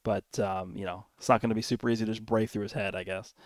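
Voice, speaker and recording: A man's voice: on the low side, fairly even intonation, fast, no echo. Rambling young-sounding man recapping a movie. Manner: rambling with many fillers and restarts, chuckles often. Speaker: YouTube anime commentator. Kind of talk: casual spoiler recap.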